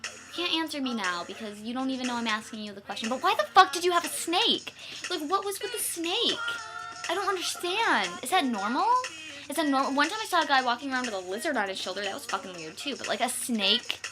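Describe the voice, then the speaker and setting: A young woman rambles through a casual vlog, incredulous and swearing freely. Her voice sits a little high, and clear music plays underneath her talk. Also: expressive, fast talker. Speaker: vlogger.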